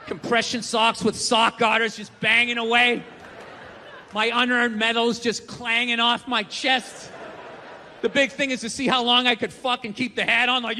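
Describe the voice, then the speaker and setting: Male stand-up comic, high voice, profane mock-outrage, live club recording with crowd and hiss. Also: sharp tone, in a large hall. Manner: acts out quoted voices. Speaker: stand-up comedian. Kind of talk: stand-up routine. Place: comedy stage before a live audience.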